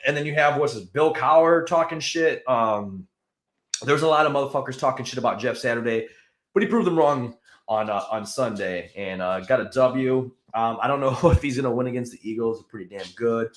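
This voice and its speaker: A man's voice: mid-range voice, a little fast. A man hosting a casual sports chat, rambling with lots of fillers and restarts. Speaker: podcast host. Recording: echoey room.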